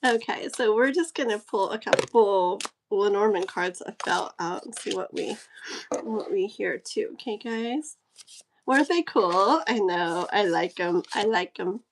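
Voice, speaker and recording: A woman hosting a casual live stream and pulling cards, giggly, gushing and easily excited. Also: mid-range voice, a little slow, a little hiss or hum. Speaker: live-stream host and card reader.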